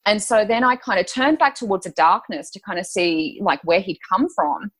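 A woman, a podcast guest telling personal stories in a lively, emotional way. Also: medium pitch, moderate pace. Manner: animated, emotional storytelling. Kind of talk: casual storytelling chat.

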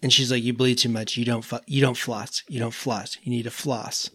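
A man's voice: medium pitch, flat delivery, moderate pace, a bit bright, husky, no room sound, clean studio sound. A man in casual chat, joking crudely and teasing his friends.

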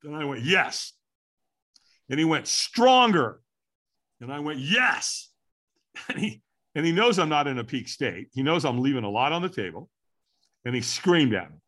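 A man's voice: moderate pace, long pauses. A man in his sixties telling a personal story as a podcast guest, acting out what people said with big swings in his voice. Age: 60s. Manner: animated, acts out quotes with big pitch swings.

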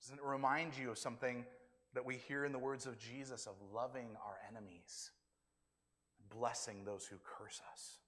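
A man's voice: medium pitch, fairly even intonation, normal speed, bright, forceful tone. A male pastor preaching a sermon in a conversational way, acting out the quoted lines with his own voice. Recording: long hall reverb.

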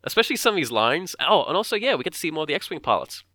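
A man casually talking through a film scene by scene, often acting out characters' lines in quick voices. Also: on the high side, big pitch swings, pushed and bright, no room sound, studio quality.

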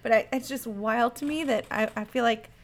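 A woman's voice: on the high side, a little fast, vocal fry, slight background noise. A woman co-hosting a podcast in casual chat, rambling and often laughing mid-sentence. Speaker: podcast co-host.

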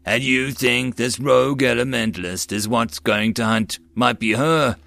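A man voicing a grave, weary older male magister in an audiobook, speaking in a measured, slow way. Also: mid-range voice, gravelly, a bit bright, no echo. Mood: gentle.

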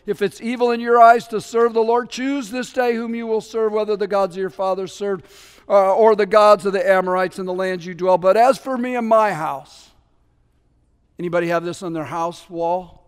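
A man preaching in a fairly high voice, animated and conversational, playing out the voices in the scripture and drifting into casual asides. His words ring out with a long reverb, like a large sanctuary. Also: a little fast, clean tone. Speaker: pastor. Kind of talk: sermon.

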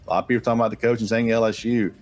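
A man's voice: fairly low pitch, level tone, rapid-fire, soft background music. A man, a guest analyst confidently rattling off football names and stats. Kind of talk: casual sports talk.

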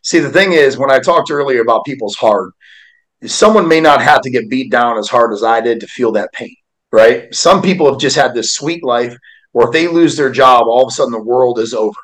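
A man in his forties speaks as a podcast guest, sharing his life story in an earnest, heartfelt way. His voice sits in an ordinary middle pitch, and his delivery swings between hushed and forceful like a motivational speaker. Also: brisk, poor audio. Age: 40s. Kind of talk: emotional personal storytelling.

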